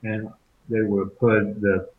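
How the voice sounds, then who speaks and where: A man's voice: fairly low pitch, flat delivery, takes it slowly. A Taiwanese man whose first language is Mandarin, speaking English hesitantly with many fillers and restarts as a student in an online lesson. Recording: echoey, tinny call audio.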